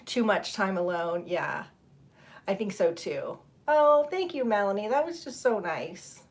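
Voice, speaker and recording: A woman's voice: medium pitch, animated, slow. A middle-aged woman, chatting casually with viewers on a livestream, rambling and laughing. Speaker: livestream host. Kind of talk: casual chat with live viewers.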